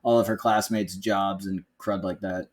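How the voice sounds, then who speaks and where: A man's voice: deep voice, little pitch movement, normal speed. Podcast guy going mm-hmm and sure, short casual replies. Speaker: podcast co-host. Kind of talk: casual chat.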